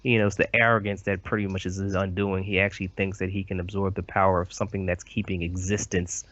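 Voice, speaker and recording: A man's voice: deep voice, little pitch movement, quick pace, a bit bright, dry recording. Rambling man, dry dull call audio. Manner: rambling, filler-heavy, emphatic. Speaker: podcast co-host. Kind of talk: casual podcast discussion. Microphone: computer mic over a voice call.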